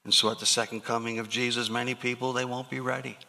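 A man's voice: medium pitch, flat delivery, quick pace, creaky, bright, forceful tone, long reverb tail. A man preaching a sermon, explaining scripture with emphatic rises on key words. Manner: emphatic preaching, rising to stressed peaks. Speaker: pastor.

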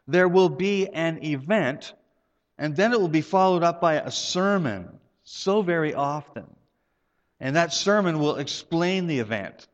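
A man preaching a sermon in church, telling stories with playful asides and an animated delivery. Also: on the high side. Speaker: pastor. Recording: long hall reverb.

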